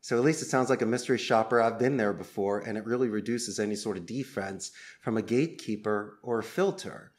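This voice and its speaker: A man's voice: lowish voice, fairly quick, few pauses. A man, a call center owner, speaking as a podcast guest with an upbeat, persuasive salesman's delivery. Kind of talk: conversational interview.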